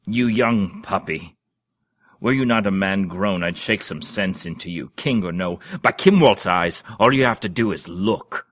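A man's voice: low voice, a little slow, fairly bright tone. A man doing a roaring old warrior duke. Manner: roaring, blunt. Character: gruff old burly duke, blustering warrior.

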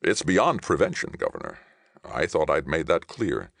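A man's voice: a bass voice, sing-song, normal speed, gravelly, a bit bright, dry recording, studio quality, full character voice. A man reading the part of a stern government envoy, speaking firmly and emphatically in clipped phrases.

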